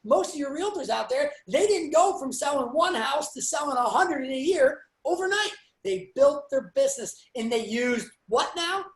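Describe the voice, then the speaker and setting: A man giving an energetic motivational talk as host of a real estate webinar, telling stories from his own life. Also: very high-pitched, normal speed, roomy sound. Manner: energetic, storytelling. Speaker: real estate sales leader hosting a webinar.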